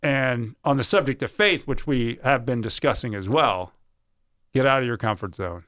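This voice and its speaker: A man's voice: mid-range voice, moderate pace. A middle-aged man, a sportscaster, telling earnest stories from his career in an interview. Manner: earnest, animated storyteller who acts out quoted voices. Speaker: sportscaster guest. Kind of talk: interview storytelling.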